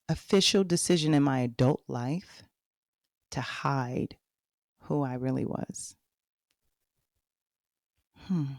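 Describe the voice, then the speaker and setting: In a candid storytelling podcast, a Texan host in her thirties talks straight to her audience about her life. Her low-sitting voice is creaky with a darkish tone, captured in studio quality without any room sound.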